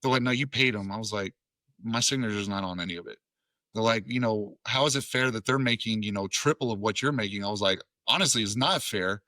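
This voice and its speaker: Appearing as a podcast guest, a Tennessee man in his thirties tells a casual story, swearing easily and slipping into the voices of everyone in it. His voice is bright, forceful and lowish, moving a little fast. The recording is dry and close, with no echo.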